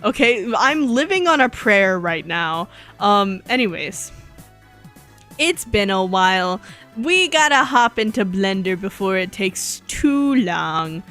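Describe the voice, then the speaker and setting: A sleepy woman streamer rambling through a casual live session, joking at her own expense as she works. She talks at an unhurried, drawn-out pace in a mid-range voice, with soft music playing faintly behind her. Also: mid-range voice, lively intonation. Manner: playful, rambling, self-joking. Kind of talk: casual live-stream chat while 3D modeling.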